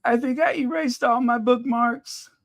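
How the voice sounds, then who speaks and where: A man's voice: extremely high pitch, fairly even intonation, unhurried, fairly bright tone. A man hosting a casual live commentary stream, chatty and exasperated, thinking aloud as he talks to his viewers. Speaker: livestream commentary host.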